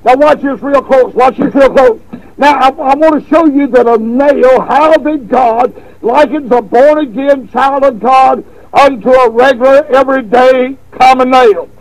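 A man preaching a revival sermon, telling a folksy story with repeated words, then stressing points with slow emphasis. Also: extremely high pitch, low-quality recording.

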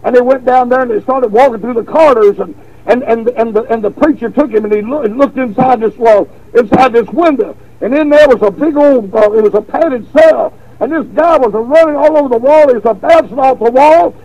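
A man preaching a revival sermon, telling a folksy story with repeated words, then stressing points with slow emphasis. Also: extremely high pitch, dark tone, a little hiss or hum, rough recording.

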